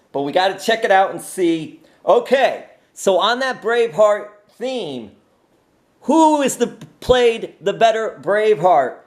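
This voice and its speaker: A man hosting a casual interview, chatty and upbeat, who laughs easily with his guest. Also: sits high. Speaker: interview host.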